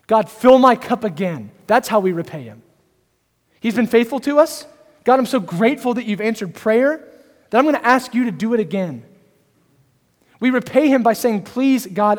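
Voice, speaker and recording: A young man preaching an earnest sermon to a congregation. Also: high voice. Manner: earnest preaching, varies pace and loudness. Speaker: pastor. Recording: hall reverb.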